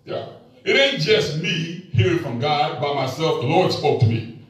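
An unhurried middle-aged pastor preaches with a fairly high pitch and lively intonation, prompting call-and-response from the congregation and dropping in playful asides. The room is echoey and the mic is far off.

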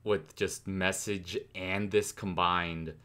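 A young man with a low voice hosts a rap reaction video. He rambles loosely, full of "um" and "like", and speeds up whenever he gets excited about the rhymes. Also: takes it slowly. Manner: rambling, enthusiastic, many fillers. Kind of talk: casual music reaction commentary.

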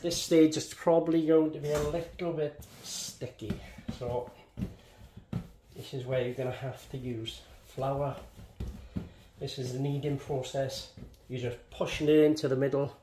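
A man's voice: mid-range voice, steady tone, a little slow, mellow. Chatty Welsh man in his sixties baking. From Wales. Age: 60s. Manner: chatty, step-by-step, talks to viewers as he works. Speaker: home baker. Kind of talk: casual baking demonstration. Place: home kitchen. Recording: echoey kitchen, faint background noise.

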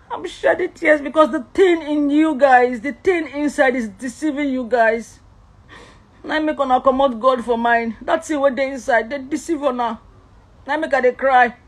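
A high-pitched woman with a Nigerian accent pours out an impassioned, accusatory rant straight to her viewers. Her speech lurches between tearful outbursts and bitter laughter as she talks. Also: fairly bright tone. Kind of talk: emotional vlog rant.

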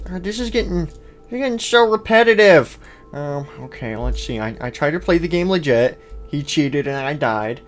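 A man's voice: a little high, animated, moderate pace, soft background music. A man playing a game roleplay in character, muttering to himself and breaking into panicky outbursts. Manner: jumpy, panicky outbursts between nervous mumbling. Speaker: roleplay video host.

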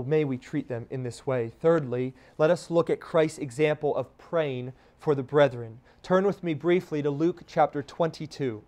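A pastor preaching a sermon, moving from soft and low passages to loud scripture readings. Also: male voice. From Texas. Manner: preaching with wide swings between soft and loud, quoting scripture.

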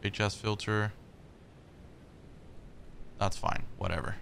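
Gravelly guy playing a horror game, jumpy, swears a lot, bright tense voice. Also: fairly low pitch, little pitch movement, takes it slowly, slight background noise. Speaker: gaming video host. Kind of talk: casual horror game commentary.

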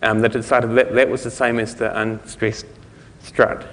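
Here the New Zealand conference speaker sounds low-leaning, flat and fairly bright, talking at normal speed. His loose, rambling presentation is peppered with fillers, restarts and chuckling asides, captured in a lecture hall with long reverb.

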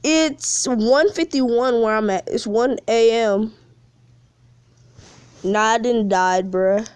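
Slangy, slow-talking woman streamer. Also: a little high, a little mellow, clean tone, no echo. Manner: slangy, calls viewers bro and man; whiny complaints about lag. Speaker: live streamer. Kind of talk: casual game streaming chat.

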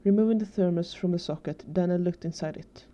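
A woman reading a fan story aloud in steady, even narration. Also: lowish voice, brisk, muffled recording. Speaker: fanfiction reader.

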